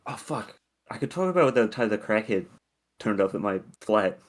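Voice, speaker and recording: A young man with a lowish voice spins a long, loose story between frequent laughs. He rambles and swears freely in relaxed podcast chat. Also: normal speed. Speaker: podcast co-host.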